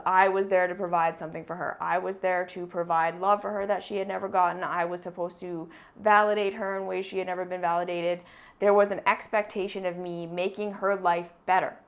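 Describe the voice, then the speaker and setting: Woman vlogging, telling her own story, earnest and reflective, speeds up then slows way down. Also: lowish voice. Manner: earnest and reflective, shifting between brisk and slow deliberate phrasing. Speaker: vlogger sharing a personal story. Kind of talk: candid personal storytelling.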